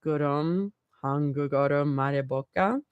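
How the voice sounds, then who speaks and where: A woman voicing a calm young woman who teases in a low, slow drawl. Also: dry recording, lo-fi sound, lightly acted. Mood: teasing. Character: teasing, smooth-talking young woman, playful and calm.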